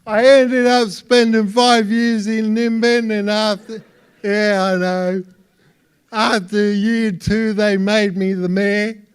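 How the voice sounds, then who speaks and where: A man with an Australian accent doing stand-up comedy for a live audience, with a halting delivery full of repeated words. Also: high voice, flat delivery, clear, resonant tone. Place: live stage before an audience.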